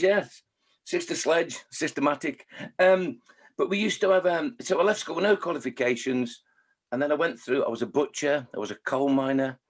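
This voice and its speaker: A man's voice: medium pitch, slightly rough. A man in his sixties, from Scotland and raised in Staffordshire, a children's poet telling his life story in a chatty, self-mocking way. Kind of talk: casual interview storytelling.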